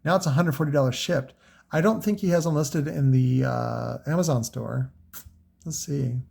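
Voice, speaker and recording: Husky and darkish with vocal fry, his medium-pitched voice moves at normal speed as he casually reviews the car audio products he sells. The talk is unscripted and rambling, loaded with fillers and profanity.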